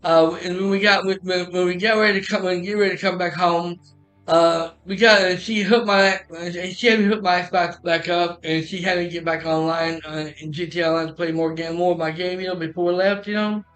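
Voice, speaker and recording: A man's voice: sits high, flat delivery, brisk, fairly bright tone, faint music behind. A man telling a personal story in a casual, rambling way, often restarting and repeating "I said.".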